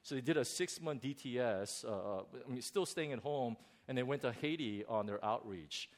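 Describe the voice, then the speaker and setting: A middle-aged man, a pastor, telling a personal story in a sermon, animated and full of restarts. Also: medium pitch, moderate pace. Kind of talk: sermon testimony.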